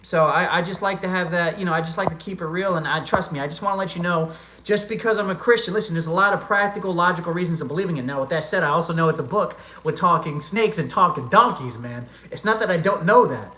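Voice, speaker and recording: A man's voice: quick pace, sharp tone, reverberant, low-quality recording. A man hosting a live chat stream, talking earnestly and directly to viewers and calling them brother and man. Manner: earnest, talks straight to chatters, calls them brother and man; reads chat comments aloud in a low mumble. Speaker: livestream host answering chat.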